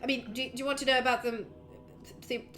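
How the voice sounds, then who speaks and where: A woman's voice: level tone, quick pace, fairly bright tone, soft background music. A woman voicing a fussy, doting middle-aged mother with a British accent, rambling and flustered. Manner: fretful, rambling, high and flustered.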